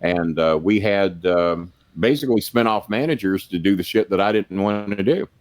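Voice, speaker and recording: Older guy with a real low voice, rambling and cussing through old stories. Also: moderate pace. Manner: rambling, profane, plain-spoken. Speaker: podcast guest, former wrestling manager. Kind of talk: casual storytelling.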